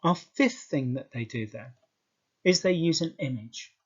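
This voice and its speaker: British guy teaching an english lesson, really slow and deliberate, slightly high voice, kinda dull lo-fi sound. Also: lively intonation, husky. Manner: slow, emphatic, repeats words for stress. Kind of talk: exam skills lesson.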